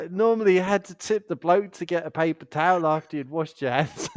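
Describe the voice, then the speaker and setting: A young man spins crude anecdotes on a podcast, laughing often and swearing freely. His voice sits a little high, and the recording is dry and close. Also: fairly quick, no room sound. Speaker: podcast co-host. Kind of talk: casual storytelling chat.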